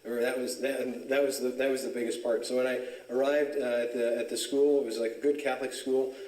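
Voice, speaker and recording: A man's voice: mid-range voice, quick pace. Man telling stories in an echoey church. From Southern California. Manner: relaxed storyteller, frequent fillers and chuckles. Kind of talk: casual religious talk with personal stories. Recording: echoey church, mic at a distance.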